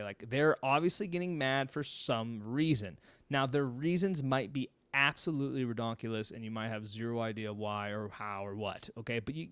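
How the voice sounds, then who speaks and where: A man speaks straight to camera from a room at home, with a smooth, resonant, mid-pitched voice. He is blunt and chatty, keeps checking in with "okay?", and sometimes swears. The sound is dry and close. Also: a bit bright, no room sound. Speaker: mental health video host. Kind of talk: casual talk to camera.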